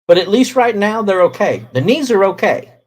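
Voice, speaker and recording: A middle-aged man, hosting a casual livestream, talking slowly with many fillers as he greets viewers in chat. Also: sits high, lively intonation, rough recording. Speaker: livestream host reading chat.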